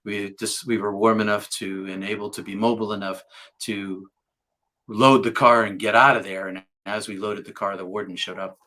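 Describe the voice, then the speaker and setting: A man's voice: on the low side, steady tone, moderate pace, bright, forceful tone. A middle-aged man recounting a near-death experience in a vivid, repetitive way, restarting his sentences often. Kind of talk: personal storytelling.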